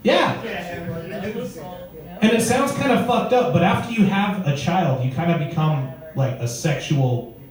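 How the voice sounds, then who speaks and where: A man's voice: high-pitched, unhurried, pauses often. A male stand-up comedian telling crude stories conversationally and working the crowd from a comedy club stage. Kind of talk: stand-up set. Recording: echoey club from far off, crowd.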